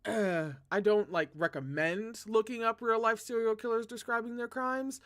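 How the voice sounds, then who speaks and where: A host reading a novel aloud, breaking off into chatty, excitable commentary with self-deprecating humor. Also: unhurried. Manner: dramatic, excitable asides with big pitch jumps. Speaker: read-along host.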